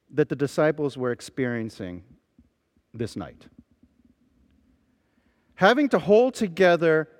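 A man preaching a sermon, telling stories with lively emphasis as a pastor. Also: high voice, long reverb tail. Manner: animated storytelling preacher.

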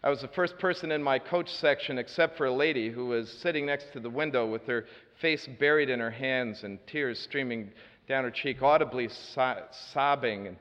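A man preaches in a large hall, telling a story with earnest conviction and a few dry asides, rising loud and dropping to a hush. His voice sits at an ordinary middle pitch. The long reverb of the room hangs on his words, and the recording sounds dull and lo-fi. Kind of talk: sermon storytelling.

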